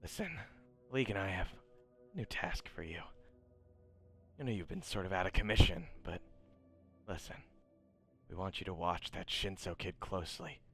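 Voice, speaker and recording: A man's voice: low-pitched, animated, normal speed, gravelly, pauses often, sharp tone, soft background music, exaggerated voice. Man doing a scheming villain boss, Shigaraki. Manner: curt, conspiratorial, crude. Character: menacing young male villain boss on a phone call.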